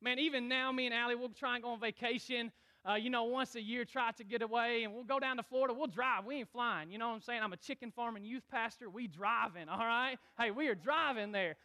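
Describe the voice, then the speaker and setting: A young man, a youth pastor preaching a lively sermon in church and calling on the congregation to answer back. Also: very high-pitched, fairly quick. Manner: energetic, calls on the crowd to respond.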